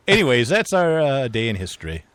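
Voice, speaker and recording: A man's voice: mid-range voice, sing-song, moderate pace, fairly bright tone, dry recording. Rambling man in casual talk. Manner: rambling, chuckling, filler-heavy. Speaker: podcast co-host. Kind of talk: casual political chat.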